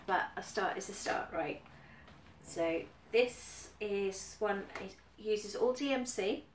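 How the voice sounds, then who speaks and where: A woman from the UK chatting casually about her stitching, with frequent ums and repeated phrases. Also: medium pitch. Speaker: cross-stitch vlogger. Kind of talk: casual chat. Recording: roomy echo, somewhat far from mic, faint background noise.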